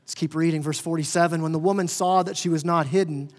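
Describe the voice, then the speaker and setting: A male pastor preaches in a high, lifting voice, surging loud and then sinking quiet, repeating words as he builds. His voice carries a long reverb in a church hall. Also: fairly even intonation, fast. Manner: impassioned, rising and falling in volume, stammering restarts. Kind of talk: sermon. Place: church sanctuary.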